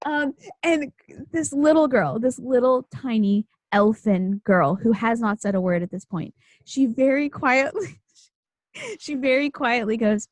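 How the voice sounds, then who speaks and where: Animated young woman telling funny stories. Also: a little high, measured pace, dry recording. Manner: animated, lots of "like", acts out voices in stories. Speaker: podcast host. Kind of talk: casual storytelling chat.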